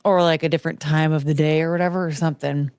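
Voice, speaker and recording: A woman's voice: low voice, fairly even intonation, fast, darkish tone, clear, resonant tone, no echo, clean studio sound. A young woman hosting a casual live stream, rambling and chatting with her viewers and greeting them by name. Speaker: livestream host.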